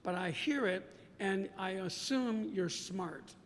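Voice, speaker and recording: An American man hosting a podcast interview, effusive and halting, often restarting his sentences. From United States. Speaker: podcast host. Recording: reverberant room with faint rumble.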